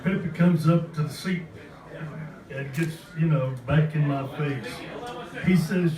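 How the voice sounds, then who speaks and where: A man's voice: fairly high pitch, slow. An older man, a former ballplayer, telling a wry anecdote on stage at a club event. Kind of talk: storytelling on stage. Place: club event room with audience. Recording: roomy hall, distant mic, crowd.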